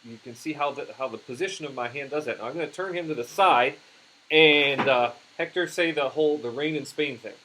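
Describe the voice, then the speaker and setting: Halting man teaching puppetry. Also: mid-range voice, background noise. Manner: halting, with frequent restarts and fillers. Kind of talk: instructional demonstration.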